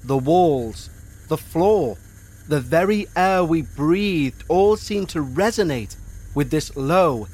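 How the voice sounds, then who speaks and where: A man in measured, scripted narration of a listener's eerie story. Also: fairly high pitch, animated, a little mellow, husky.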